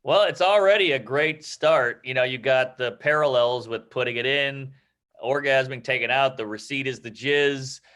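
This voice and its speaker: A man coaching comedy, riffing loosely on joke ideas and acting out quick bits of dialogue. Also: medium pitch, fairly bright tone. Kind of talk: casual joke workshopping.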